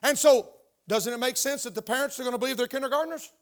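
An older male pastor preaching to his congregation in church. He speaks in a fairly high voice and keeps throwing questions out to the room, stressing his points. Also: quick pace, fairly bright tone. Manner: emphatic, call-and-response questions to the congregation. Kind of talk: sermon. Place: church sanctuary.

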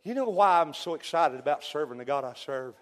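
A middle-aged man preaching a fervent revival sermon, swinging from loud peaks to hushed storytelling. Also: fairly high pitch, lively intonation, a little fast. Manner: fervent, builds to shouted peaks then drops to hushed storytelling. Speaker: pastor. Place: church sanctuary. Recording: long hall reverb.

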